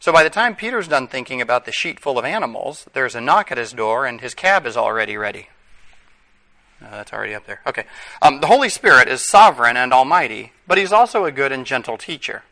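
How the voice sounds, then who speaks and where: A man's voice: mid-range voice, animated, brisk, pushed and bright, low-quality recording. A man, likely a father of young children, preaching a conversational sermon with wry asides and self-corrections.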